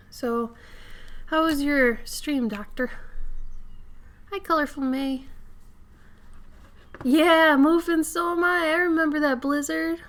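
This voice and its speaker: A hoarse woman from Minnesota, still recovering from an illness, chats casually on a live stream while drawing. Her high voice crackles and often slips into soft whispers, with the microphone right up close to her face.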